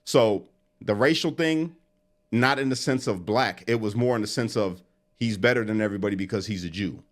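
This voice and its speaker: A man guest telling an animated story in casual talk. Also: fairly low pitch. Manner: animated, quick storyteller who acts out quotes. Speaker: interview guest.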